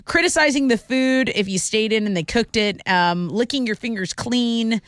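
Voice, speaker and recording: A woman's voice: on the high side, normal speed, a bit bright, no echo, clean studio sound. A woman co-hosting a radio show in casual chat, reading items aloud and laughing easily.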